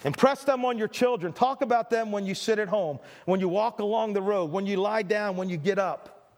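A man's voice: high voice, normal speed, a little mellow. A middle-aged male pastor preaching a sermon, earnest and emphatic, with stammered restarts and repeated phrases. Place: church hall. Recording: reverberant church hall.

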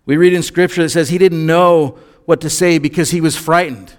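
A man's voice: fairly high pitch, fairly even intonation, normal speed, big-room sound. A man preaching a conversational sermon, reading scripture aloud and then explaining it with casual asides. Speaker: pastor.

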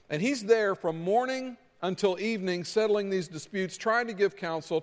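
A male pastor preaching a sermon as relaxed, lively storytelling with acted asides. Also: high voice, big-room sound.

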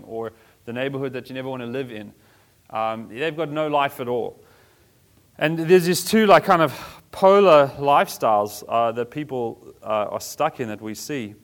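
A man, a pastor, giving a sermon in a casual, conversational way with everyday slang. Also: mid-range voice.

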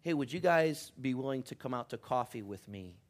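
A middle-aged pastor with a medium-pitched voice speaks a little fast, his intonation lively. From the church sanctuary he gives an easygoing, funny sermon, self-deprecating and chatty, with frequent laughter.

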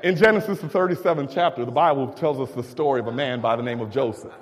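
A man preaching a sermon in a church, with stammering restarts and call-and-response, rising to shouts. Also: mid-range voice, fast talker. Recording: long reverb of a church hall.

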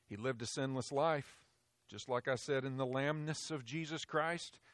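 A man's voice: normal speed, no room sound. Emphatic man preaching a sermon. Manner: emphatic, swinging from loud declarations to hushed low phrases.

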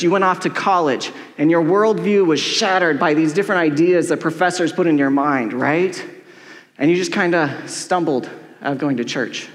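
A man's voice: high voice, fairly bright tone. A middle-aged man preaching a sermon as pastor, casual and joking, with many "like"s. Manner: casual, joking, heavy use of "like". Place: church hall with long reverb. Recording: echoey church hall with long reverb.

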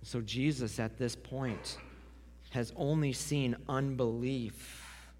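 A man's voice: mid-range voice, fairly even intonation, slow, a little hiss or hum. Preacher man in a reverberant hall. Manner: dramatic swings from loud to hushed. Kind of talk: sermon.

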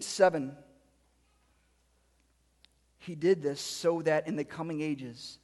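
A man's voice: on the high side, a little mellow. A man preaching a sermon, reading scripture and then explaining it with emphatic, repeated phrases. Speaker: pastor. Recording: long hall reverb.

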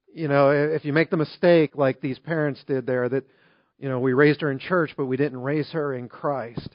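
A man preaching a sermon as pastor, telling a story in a conversational, animated way. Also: mid-range voice, moderate pace, dry recording. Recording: dry, slightly dull recording.

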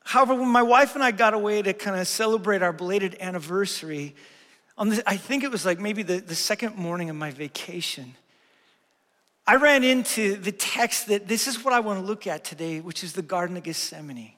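Preaching a sermon, this middle-aged pastor shares a personal story with heartfelt earnestness, moving from loud and bright to soft and hushed. His voice is high-pitched, his pace slightly quick, and the sound carries a big-room quality.

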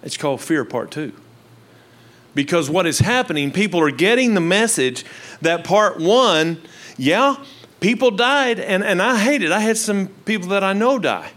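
An older man preaching a sermon to his congregation on a handheld microphone. He swings from low, quiet asides to loud, emphatic lines. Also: expressive, moderate pace. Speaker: pastor. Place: church with live congregation.

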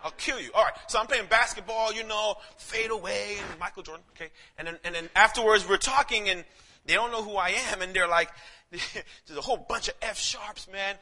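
A male pastor preaching a casual, animated sermon, swinging from shouts to hushed lines and calling listeners man. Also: high voice, brisk. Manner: casual street talk, calls listeners man.

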